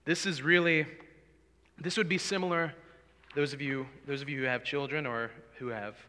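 Casting note: male preacher, earnest and pleading, bright forceful tone, long hall reverb. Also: fairly high pitch, steady tone, normal speed. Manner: earnest, pleading, swells loud for emphasis. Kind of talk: sermon.

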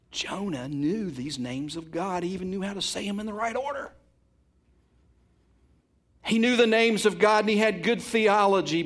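A man preaching a sermon, moving from quiet, intimate passages to loud, emphatic ones, repeating words for stress. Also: medium pitch. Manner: repeats and restarts words when stressing a point. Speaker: pastor.

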